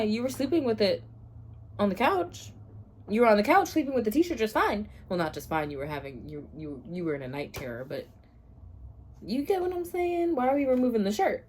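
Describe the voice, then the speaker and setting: A woman's voice: mid-range voice, a little mellow, a little hiss or hum. A woman talking casually in a reading vlog, reacting dramatically to a book and laughing often. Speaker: book vlogger.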